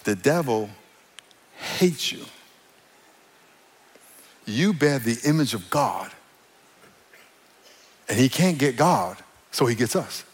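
A man's voice: mid-range voice, animated, takes it slowly, pauses often, breathy edge, long reverb tail. Man preaching a playful sermon. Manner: playful, joking with the congregation, acts out quoted voices; addresses the audience directly. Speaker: pastor.

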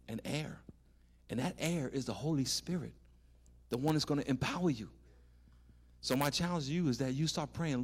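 A man preaching as a pastor, swinging from loud animated exhortation to a hushed prayer. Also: mid-range voice. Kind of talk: sermon.

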